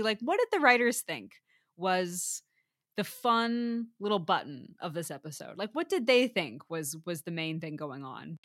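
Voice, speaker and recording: A woman's voice: fairly low pitch, a bit bright, no room sound, clean studio sound. A woman co-hosting a podcast, chatting about a TV episode with eager agreement and easy laughter. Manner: enthusiastic, quick agreeing, laughs easily. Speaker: podcast co-host. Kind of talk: casual recap chat.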